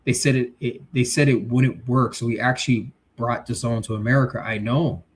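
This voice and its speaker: A man's voice: mid-range voice, normal speed, slight background noise. A male livestream host chatting casually, reading viewer comments and giving blunt, slangy takes. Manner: blunt, animated, street slang.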